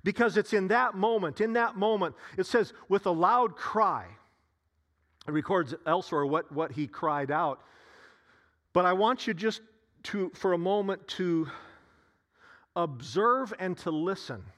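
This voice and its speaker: Slow, high-voiced male preacher. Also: a bit bright. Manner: slow, repetitive preaching with dramatic pauses and sighs. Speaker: pastor. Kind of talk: sermon.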